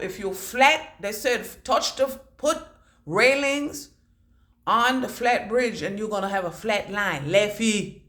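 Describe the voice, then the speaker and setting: A woman giving a channelled oracle card reading. She rambles and repeats words in chanting bursts, swinging between low murmurs and loud declarations. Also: expressive, unhurried. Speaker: psychic oracle card reader. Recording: echoey room.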